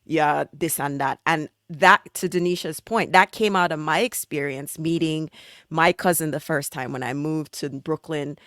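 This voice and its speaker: A woman's voice: sits low, fairly even intonation, normal speed, fairly bright tone, no room sound, studio quality. A woman from Jamaica, hosting a casual interview and asking open, conversational questions. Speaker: podcast host.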